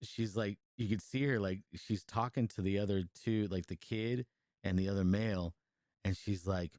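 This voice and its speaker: A man with a somewhat low voice talks through a film's plot in loose, cursing podcast chat. He trips over restarts and "like"s as he goes. The sound is dry and close, with no room around it. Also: fairly even intonation, moderate pace, a little mellow, no echo. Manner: rambling and profane, full of fillers and restarts, laughs while telling. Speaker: podcast co-host reviewing a movie. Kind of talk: casual chat, retelling a film.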